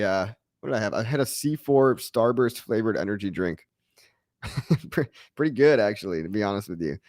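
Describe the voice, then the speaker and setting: A man's voice: mid-range voice, a little mellow, no room sound. Casual chatty male livestream host, dry sound. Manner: loose and chatty, keeps saying "guys", chuckles often. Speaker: livestream host reading viewer chat.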